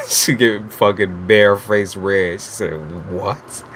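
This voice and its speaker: A man's voice: lowish voice, steady tone, slow pace, noisy background. A man hosting a live tarot stream, chatting casually with viewers in a teasing, profane way. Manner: teasing, profane, talks straight to chat. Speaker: tarot reader host.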